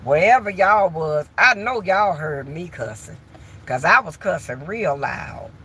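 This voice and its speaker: A woman's voice: fairly low pitch, lively intonation, unhurried, fairly bright tone, husky. A woman vlogger chatting bluntly and candidly to her viewers from home while doing chores. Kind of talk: casual chat to viewers.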